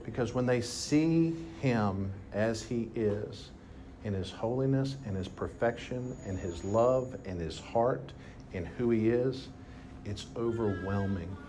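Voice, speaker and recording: A man preaching a sermon to a congregation, telling a story with animated emphasis. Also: lowish voice, slow pace, a little hiss or hum. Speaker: pastor. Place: church hall with congregation.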